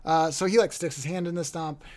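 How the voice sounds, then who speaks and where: A man's voice: on the high side, fairly even intonation, fairly quick. A man co-hosting a podcast, retelling movie scenes in a loose, joking way with quoted voices. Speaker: podcast co-host. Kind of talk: casual movie recap chat.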